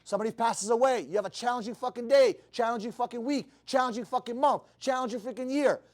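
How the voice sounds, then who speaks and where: A man's voice: extremely high pitch, fast talker, a little mellow. A man in his thirties giving a blunt, profane, fired-up motivational talk. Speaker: motivational speaker.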